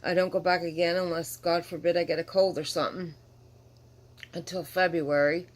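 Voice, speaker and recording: Tired, rambling low-voiced woman vlogger. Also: little pitch movement, normal speed. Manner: rambling, candid, apologetic, yawning. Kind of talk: casual vlog chat to camera.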